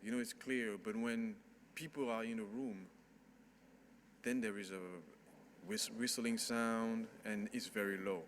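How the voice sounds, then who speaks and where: A man running a casual sound check at a conference lectern, talking haltingly with restarts while testing the microphone from a short distance. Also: lowish voice, fairly even intonation, slight background noise. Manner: halting, with many restarts and fillers. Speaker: event organizer testing microphones.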